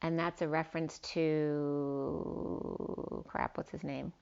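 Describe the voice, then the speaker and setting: A woman's voice: sits low, level tone, takes it slowly, vocal fry, darkish tone, clear, resonant tone. A woman giving a rambling tarot reading, free-associating through wordplay. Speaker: tarot reader. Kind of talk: spiritual tarot reading monologue. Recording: dull lo-fi sound.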